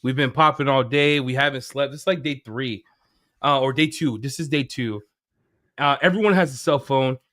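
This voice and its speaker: A man's voice: medium pitch, normal speed. A man chatting casually on a livestream, telling stories with jokes and the odd swear word. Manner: animated storyteller, joking, swears casually.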